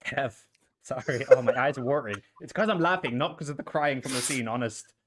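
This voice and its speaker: A man's voice: mid-range voice, a little fast, a little hiss or hum. A man hosting a podcast, joking around and rambling in casual chat. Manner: playful, jokey, rambling. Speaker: podcast host.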